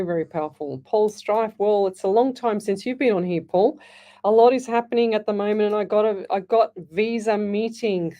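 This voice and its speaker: A woman with an Australian accent hosting a live psychic call-in radio show, chatty and quick to laugh. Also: mid-range voice, mellow. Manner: chatty, laughs easily, reads messages aloud. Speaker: psychic medium radio host. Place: radio studio.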